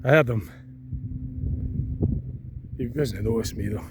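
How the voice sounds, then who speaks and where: A man's voice: mid-range voice, slow. A Scottish man vlogging outdoors by a reservoir on a cold day, rambling and thinking aloud with plenty of fillers. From Scotland. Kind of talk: casual walking vlog. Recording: outdoor camera audio with background noise.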